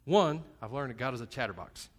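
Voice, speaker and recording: A man preaching a sermon at a church service. He speaks in a plain, conversational, joking way, dropping to a hush one moment and shouting the next. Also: mid-range voice, expressive, brisk. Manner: self-described plain and a bit crass. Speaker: pastor. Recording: long hall reverb.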